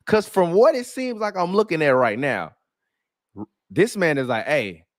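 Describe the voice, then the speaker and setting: A man hosting a casual sports podcast, riffing on a viral clip in slangy, profanity-laced trash talk. His voice is lively and swings widely in pitch. The sound is dry and close. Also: normal speed, no room sound. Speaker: podcast host.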